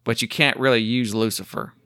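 A man co-hosting a casual podcast chat, rambling excitedly through a history tangent. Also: mid-range voice, fairly quick, no echo, studio quality. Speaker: podcast co-host.

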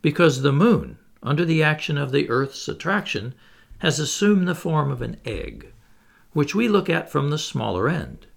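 A man's voice: a little high, big pitch swings, moderate pace, gravelly, heavily acted. A man reading a bold, unflappable adventurer. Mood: assured. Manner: cheerful, assured, explanatory. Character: confident witty male adventurer, unflappable.

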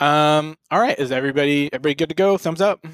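A young adult man hosting a casual podcast from a hotel room, relaxed and rambling, with plenty of fillers. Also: on the high side, racing, smooth, dry recording. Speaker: podcast host.

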